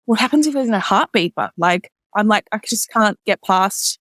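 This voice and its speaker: A woman's voice: animated, moderate pace, a bit bright, dry recording. Woman on a podcast, chatty, tons of "like", pops her voice up when quoting ppl, dry sound. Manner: chatty, many "like" fillers; acts out others' lines in a higher voice. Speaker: podcast guest. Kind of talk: personal storytelling in casual chat.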